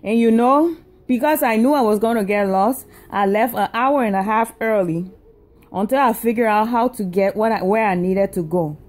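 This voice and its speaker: A woman's voice: a little high, moderate pace, a little mellow. A woman from Africa telling a comedic story as an indignant rant, repeating herself for emphasis.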